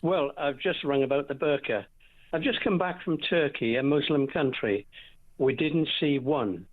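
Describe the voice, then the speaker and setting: A man's voice: on the high side, normal speed. A man calling in to a radio show, blunt and matter-of-fact. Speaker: caller. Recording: tinny phone line.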